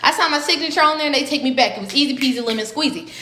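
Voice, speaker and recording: A woman's voice: high voice, very fast, a little hiss or hum. A young woman telling a true story in a casual, profane way, acting out the other voices. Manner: animated, profane, acts out every voice. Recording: roomy echo.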